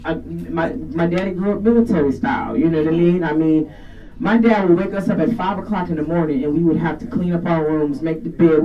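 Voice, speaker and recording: A woman with a deep voice performing a profane, animated stand-up comedy set in a garage studio. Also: highs cut off. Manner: profane, animated storytelling with crowd banter. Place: garage studio with live audience. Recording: distant mic, live crowd laughter.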